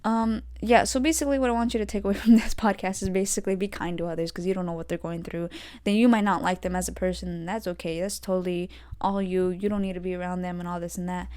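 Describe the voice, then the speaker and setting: A young adult woman hosting her own podcast, rambling through a story with lots of fillers and getting animated when irritated. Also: lowish voice, fast talker, clean tone. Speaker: podcast host. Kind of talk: solo casual rant. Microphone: desk podcast mic.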